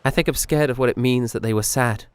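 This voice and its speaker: A man voicing a troubled young man who confides a fear in a hesitant, halting, earnest way. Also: mid-range voice, clean tone, natural voice. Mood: uneasy confiding.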